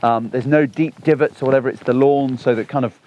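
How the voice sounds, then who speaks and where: A man, talking through a gun dog training session outdoors on a lawn, chatty and animated. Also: mid-range voice, brisk, lo-fi sound. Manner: chatty and animated, bursts into excited exclamations.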